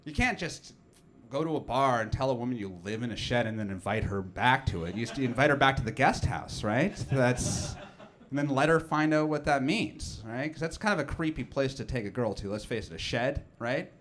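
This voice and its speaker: A man's voice: medium pitch, animated, normal speed, a bit bright, slight background noise. A man, doing a rambling, self-deprecating stand-up set full of fillers and restarts. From Nova Scotia, Canada. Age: 30s. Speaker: comedian.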